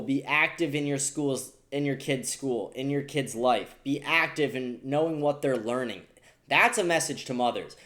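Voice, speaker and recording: A man's voice: mid-range voice, moderate pace, a bit bright. A man hosting a podcast, ranting profanely and indignantly about the news. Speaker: podcast host. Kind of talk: casual political commentary.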